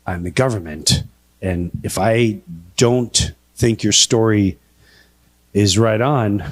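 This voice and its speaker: A man voicing a gruff, stern federal agent who talks low and clipped. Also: no echo, studio quality, natural voice.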